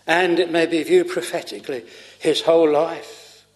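A man's voice: fairly high pitch, normal speed. An older man preaching an earnest, fervent sermon in old-fashioned scriptural language, then closing in prayer.

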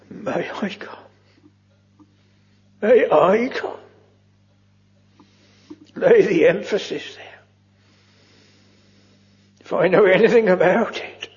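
A man preaching a solemn old-fashioned sermon in a church, slow and earnest, dropping at times to a hushed whisper. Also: high-pitched. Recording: muffled old church recording with long reverb.

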